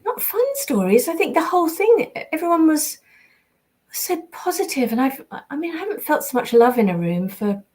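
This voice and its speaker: A woman's voice: a little high, darkish tone. An older woman, born in the US and raised in England, chatting casually on a livestream as she reads fan messages and signs prints. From born in the US, raised in England from age seven. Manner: chatty and rambling, full of ums and restarts. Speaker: voice actress signing prints for fans.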